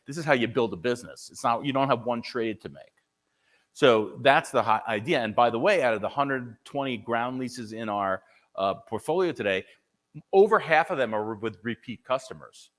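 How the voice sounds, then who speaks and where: A man giving a live conference presentation and taking audience questions, talking energetically with many restarts and repeated words. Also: moderate pace. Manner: energetic, repeats and restarts often, conversational pitch. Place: conference hall.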